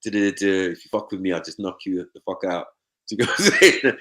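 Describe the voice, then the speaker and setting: A young man talks in a low, animated voice. He swears freely and often slips into mimicry while chatting on a panel. His speech is loose and conversational. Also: fast talker. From Nigeria. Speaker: panel host. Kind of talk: casual chat.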